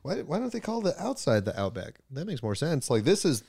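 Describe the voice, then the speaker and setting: A man's voice: fairly high pitch, very animated, fairly quick, gravelly, darkish tone, slightly rough. A young man hosting a podcast, chatting casually with playful teasing and bursts of laughter. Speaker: podcast host. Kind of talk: casual chat.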